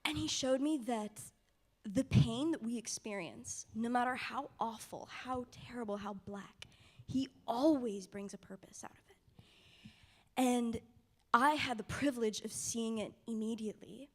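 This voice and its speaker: A young woman telling a personal faith testimony in a soft, casual way, often sinking to a near whisper. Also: on the high side, unhurried. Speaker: mission trip participant sharing testimony.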